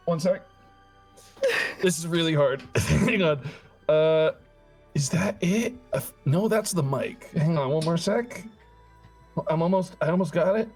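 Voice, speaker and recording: A man chatting on a game stream, flustered and fumbling while he sorts out his setup. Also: on the high side. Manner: flustered, mumbling through tech trouble. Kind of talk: casual chat.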